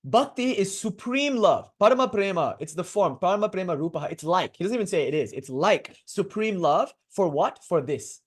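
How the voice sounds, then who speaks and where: Young guy teaching a class, goofy and chatty, kinda high voice. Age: 20s. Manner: lively, digressive, quick to laugh. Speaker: lecturer on bhakti philosophy. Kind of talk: casual, joking lecture to a live class.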